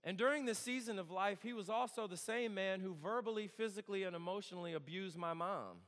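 Fairly quick and a bit bright, a man's high voice rings through a reverberant hall as he, a campus worship speaker in his thirties, gives a sermon told as a story. He comes across as earnest and conversational, with occasional humor.

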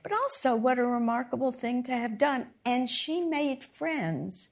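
A woman's voice: fairly high pitch, a little slow. A woman historian on a panel, telling stories about past first ladies with laughing asides. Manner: animated storytelling, laughing asides. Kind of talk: panel discussion before an audience.

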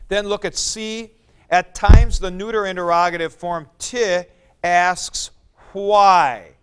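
A man teaching a Greek grammar class in a classroom, explaining slowly and calling on students by name. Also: sits high, level tone, clean tone. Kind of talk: classroom lecture.

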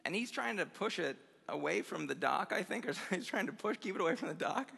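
A man's voice: high voice, lively intonation, a little fast, creaky, sharp tone, husky. A man giving a conference sermon to college students, upbeat and effusive, chuckling through personal stories. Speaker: guest speaker at a college chapel conference. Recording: long reverb of a large hall.

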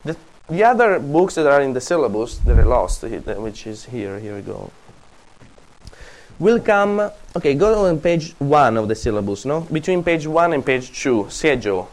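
A man's voice: medium pitch, sing-song, a little slow, poor audio. A man with an Italian accent giving a university classics lecture, rambling with many restarts, self-corrections and small laughs.

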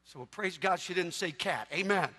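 A man preaching a sermon in a church, telling humorous stories with animated delivery. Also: high-pitched, moderate pace, in a large hall.

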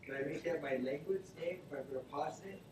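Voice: mid-range voice, fast talker, darkish tone. Hesitant student asking questions in class. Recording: echoey classroom captured from a distance.

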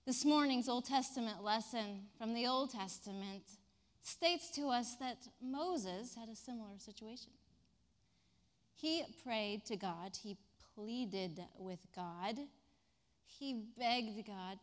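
A woman preacher delivering a sermon with animated, dramatic storytelling. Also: a little high, slow, long reverb tail.

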